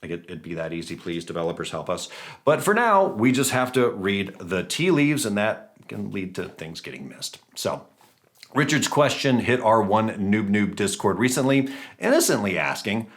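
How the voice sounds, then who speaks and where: A man hosting a gaming channel, giving chatty, self-mocking commentary on a battle with playful jumps in pitch. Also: sing-song, normal speed. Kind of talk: casual game commentary.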